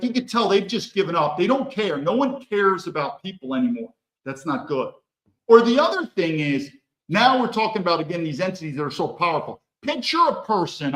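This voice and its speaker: Delivering a solo political monologue, this commentary host talks emphatically, using blunt profanity and firing off rhetorical questions. His voice is high and fairly bright, captured in poor, reverberant audio.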